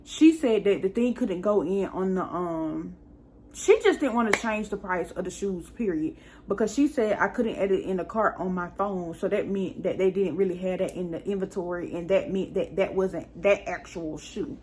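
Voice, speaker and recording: A woman's voice: mid-range voice, moderate pace, darkish tone, a little hiss or hum. A young woman vlogger telling a casual storytime, chatty and exasperated, full of asides.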